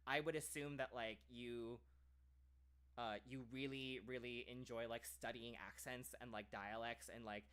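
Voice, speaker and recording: Casual American male streamer, mid-pitched, chatty and rambling, lots of fillers. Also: steady tone, a little slow, a bit bright, clear, resonant tone. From United States. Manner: rambling, full of "like" and restarts.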